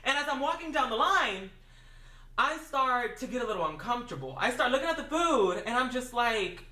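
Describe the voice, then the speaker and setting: A woman's voice: fairly high pitch, sing-song, moderate pace, sharp tone. A woman telling a funny personal story in a casual, slangy, self-mocking way. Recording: echoey room, mic at a distance.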